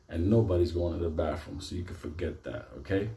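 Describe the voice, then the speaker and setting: A man telling a story in a profane, animated, conversational way. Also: low-pitched, normal speed, pauses often, echoey room. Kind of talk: comic storytelling.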